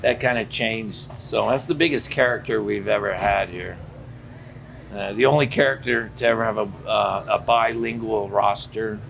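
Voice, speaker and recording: An older man with a fairly low, creaky voice speaks at a moderate pace over a faint hiss or hum. A theme park character performer, he tells stories in a casual interview, animatedly playing out the dialogue.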